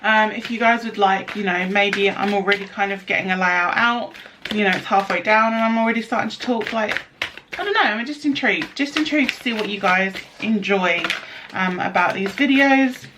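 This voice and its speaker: A woman's voice: medium pitch, moderate pace, noisy background. A young woman from the United Kingdom giving a casual tarot reading, chatty and rambling, with lots of fillers and restarts. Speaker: tarot reader.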